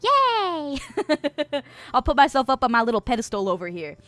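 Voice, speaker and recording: A woman streaming live, chatting casually and reading viewer comments with a soft voice and a lot of giggling. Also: a little high, animated, brisk, no echo, faint music behind. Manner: giggly, playful, frequent laughter; soft-spoken.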